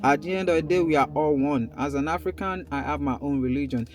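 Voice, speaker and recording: A man's voice: on the high side, quick pace, soft background music. Nigerian man, thirties, casual vlog, loose rambling talk, in a car. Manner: loose and conversational, drifting between topics. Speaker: vlogger.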